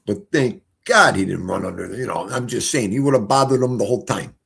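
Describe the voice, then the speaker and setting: A man's voice: fairly low pitch, animated, a little fast, creaky, fairly bright tone, slightly rough. A man, live-streaming and chatting casually in a rambling, folksy storytelling way.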